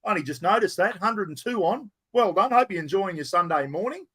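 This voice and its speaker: An Australian man chatting to his livestream viewers in a loose, rambling way. His voice sits a little high for a man. He is blunt and plain-spoken and keeps calling people mate. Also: animated, brisk, a bit bright, breathy edge. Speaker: livestream host. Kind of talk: casual livestream chat.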